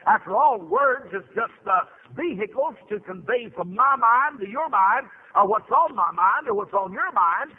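Fervent preacher on tinny radio. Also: male voice, high-pitched, expressive, measured pace, few pauses, breathy edge. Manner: fervent, rising to shouts, frequent "uh" fillers. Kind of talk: revival sermon. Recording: tinny phone-like radio broadcast.

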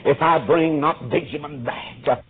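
A man voicing the biblical Judah as a desperate brother who pleads and breaks into high shouts, in a tinny, lo-fi recording. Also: moderate pace, husky. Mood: pleading.

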